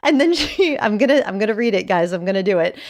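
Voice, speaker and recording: A young woman co-hosting a casual podcast, animated and laughing often as she reads quotes aloud. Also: mid-range voice, fast. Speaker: podcast co-host.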